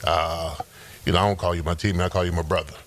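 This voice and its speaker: A man's voice: deep voice, fairly even intonation, quick pace, slight background noise. A man co-hosting a sports radio show who talks in a hearty, storytelling way and says "man" often. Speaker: co-host, former player. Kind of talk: radio interview.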